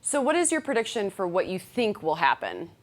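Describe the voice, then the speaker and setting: A woman's voice: mid-range voice, sing-song, brisk. A woman hosting an interview, reading prepared questions in a conversational way. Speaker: interviewer host.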